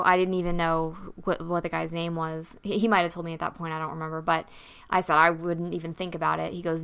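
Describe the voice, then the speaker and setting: A woman's voice: low-pitched, flat delivery, fairly quick, a bit bright, clean tone. A woman vlogger telling a story and giving emphatic, motivational advice to dancers.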